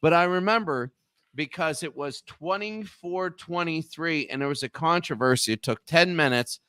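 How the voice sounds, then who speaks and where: A man's voice: fairly high pitch, normal speed, smooth, no echo. A man in his thirties tells a long, rambling story as a guest on a casual talk show, restarting his sentences as he goes. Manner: rambling, animated anecdote with restarts.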